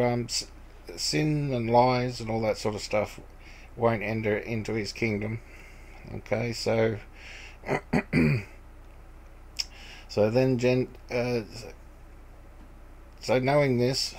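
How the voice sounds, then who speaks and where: A man giving an informal Bible teaching. He reads scripture aloud, then explains it in a rambling, halting way, with many fillers and restarts. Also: mid-range voice, steady tone, gravelly, a little mellow, low-quality recording. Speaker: preacher.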